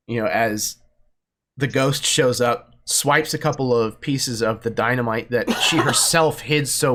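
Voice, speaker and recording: A man's voice: mid-range voice, fairly bright tone. Casual man narrating game events. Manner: casual, loose narration with fillers. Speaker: game master.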